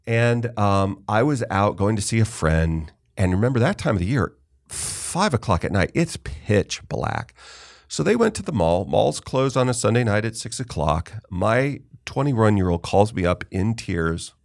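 A man's voice: fairly low pitch, sing-song, unhurried, vocal fry. Middle-aged man rambling through a story. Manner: rambling storyteller, self-interrupting. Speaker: podcast host. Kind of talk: casual interview chat.

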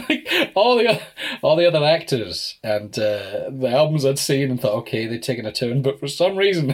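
A man co-hosting a casual podcast, playful and teasing, laughing often. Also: medium pitch. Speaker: podcast co-host. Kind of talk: casual chat.

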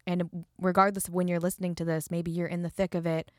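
A woman's voice: on the low side, little pitch movement, fast, a little mellow, dry recording, studio quality. A woman co-hosting a podcast in a casual, upbeat and playful chat. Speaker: podcast co-host.

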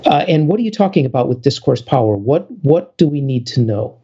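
A man's voice: mid-range voice, lively intonation, fairly quick, warm tone, slightly rough, highs cut off. A man co-hosting a podcast, introducing a guest in a talkative way with many restarts. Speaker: podcast co-host. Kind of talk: casual podcast chat.

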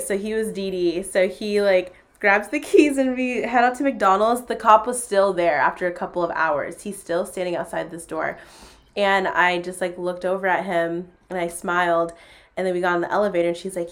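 Young woman telling a story animatedly. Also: lowish voice. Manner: animated, quotes people in dialogue, bursts of laughter. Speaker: podcast host telling a story. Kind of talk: casual storytelling chat.

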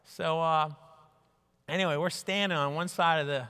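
Bright high-voiced man in a hall. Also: normal speed, clear, resonant tone. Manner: animated storytelling with mock quoted voices. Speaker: speaker. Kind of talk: conference talk. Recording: reverberant hall.

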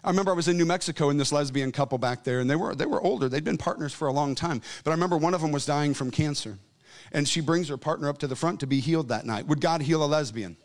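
A man preaching a sermon in a church service, fervent and storytelling, swinging between quiet asides and loud calls. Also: a little high, fast talker. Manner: conversational storytelling.

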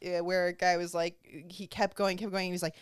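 A woman's voice: lowish voice, little pitch movement, fairly quick, clear, resonant tone, dry recording. A woman hosting a podcast, chatting candidly and rambling a little with false starts. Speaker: podcast host. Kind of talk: casual chat.

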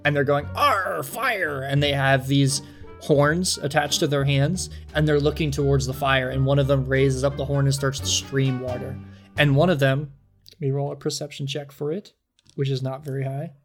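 A man running a tabletop game as game master, narrating scenes in a measured, descriptive way with small fillers. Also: medium pitch, level tone, over music.

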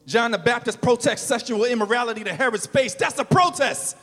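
Pastor guy preaching hard, shouting and stretching words out, faint music behind. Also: extremely high pitch, long reverb tail. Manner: preaching with rising shouts and drawn-out emphasis. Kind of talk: sermon.

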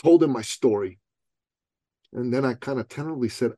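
A middle-aged man from Iran leans into his own story, firing off punchy rhetorical questions. His pitch sits in an ordinary middle range. The sound is dry and close, with no room around it. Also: fairly quick, dark tone, dry recording. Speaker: guest entrepreneur and coach. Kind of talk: personal storytelling in an interview.

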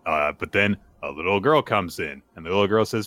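A man hosting a podcast, retelling a manga chapter in a casual, animated and playful way. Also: low-pitched, a little fast, few pauses, no echo. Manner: animated, playful, acts out characters. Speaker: podcast host.

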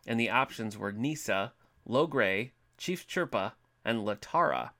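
A man's voice: medium pitch, animated, unhurried, a bit bright. A man co-hosting a podcast in casual chat, easygoing as he reads out poll results. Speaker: podcast co-host.

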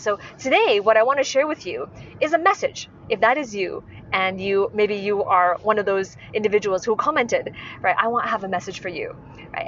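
A woman's voice: medium pitch, fairly bright tone, husky, no echo. A woman hosting a podcast and teaching about speech, who often checks in with tag questions and corrects herself mid-sentence. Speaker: podcast host and speech coach. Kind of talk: instructive podcast monologue.

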